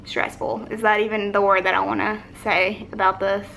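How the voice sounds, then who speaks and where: A woman's voice: mid-range voice, little pitch movement, moderate pace, creaky, a bit bright, a little hiss or hum. A young woman vlogging casually at home, rambling and reflective, with lots of filler "likes". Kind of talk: casual personal vlog. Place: home, sitting on the floor. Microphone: phone or camera, battery low.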